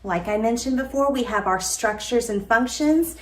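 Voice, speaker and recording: A woman teacher giving a recorded lesson, speaking slowly and deliberately and dictating sentences word by word. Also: fairly high pitch, animated.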